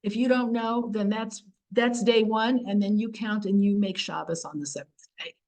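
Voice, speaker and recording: A woman's voice: medium pitch, fairly even intonation, normal speed, darkish tone, poor audio. A woman hosting an informal weekly Torah lesson, telling stories in an earnest, conversational way with frequent fillers and restarts. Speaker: Torah teacher and host.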